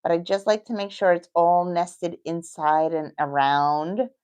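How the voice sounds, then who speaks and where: A woman's voice: on the low side, fairly even intonation, measured pace, a little mellow, clean tone. A middle-aged woman with a New York accent, chatting casually and reassuringly as she demonstrates a nail technique while thinking aloud. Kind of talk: casual tutorial talk.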